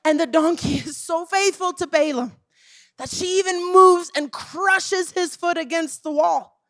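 A woman's voice: very high voice, measured pace, a bit bright. A woman preaching a sermon, emphatic and calling out to the congregation as church.

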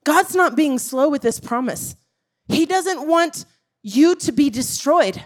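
A woman preacher with a high, bright-pitched voice. She delivers a sermon with emphatic, repeated questions, calling out directly to the church. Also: lively intonation, takes it slowly. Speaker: pastor.

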